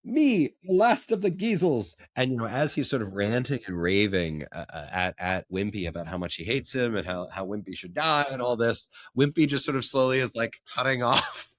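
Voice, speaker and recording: A man's voice: lowish voice, fairly quick, hardly any pauses, fairly bright tone, no echo, highs cut off. A man co-hosting a casual chat about comics, enthusiastic and often restarting his sentences. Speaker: podcast co-host.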